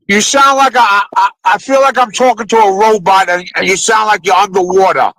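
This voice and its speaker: A man's voice: high voice, brisk, pushed and bright, dry recording, rough recording. A man in a heated live call argument, taunting and mocking with heavy profanity.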